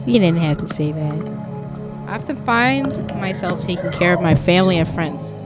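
A woman hosting a gaming video, giving loud, jumpy commentary as she plays, swearing and laughing at the scares. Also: lowish voice, expressive, moderate pace, music in the background. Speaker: gaming channel host. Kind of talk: reactive let's-play commentary.

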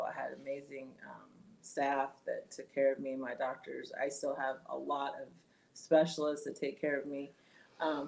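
A woman's voice: low voice, vocal fry, darkish tone, low-quality recording. A middle-aged woman, a podcast guest, candidly telling a personal story and laughing through the hard parts.

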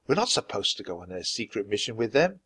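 Man putting on a nervous young boy, hushed and anxious, raised pitch, storybook voice. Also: big pitch swings, fast, husky, dry recording, heavily acted. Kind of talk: storybook read-aloud.

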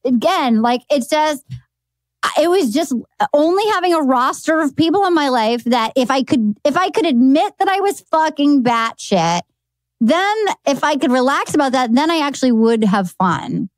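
A woman guest on a podcast, talking in casual chat, animated, swearing often and acting out quotes. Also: high-pitched, moderate pace, no room sound. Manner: animated, swearing, acts out quotes in funny voices.

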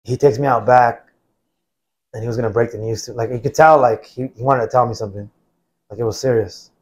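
Here a man in his forties from the U.S., a military veteran appearing as a guest, recounts his experiences in a medium-pitched voice at a slightly quick clip. His delivery is laid-back and meandering, packed with "like," and he performs other people's lines.

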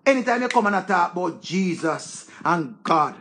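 A man's voice: high-pitched, big pitch swings, normal speed, fairly bright tone. A man with a Jamaican accent ranting to viewers in a heated, scolding way, swearing freely. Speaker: online commentator. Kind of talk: casual rant to viewers.

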